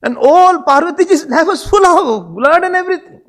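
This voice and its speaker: High-voiced swami storyteller. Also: male voice, normal speed. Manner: animated storyteller, slipping into Hindi phrases. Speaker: swami, spiritual teacher. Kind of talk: devotional storytelling talk.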